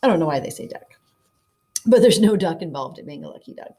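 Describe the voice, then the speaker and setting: A woman teacher giving a read-aloud lesson to children, explaining sayings slowly and plainly. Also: on the low side, animated, dark tone, husky. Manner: friendly, explaining slowly to kids. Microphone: document camera setup, teacher at desk.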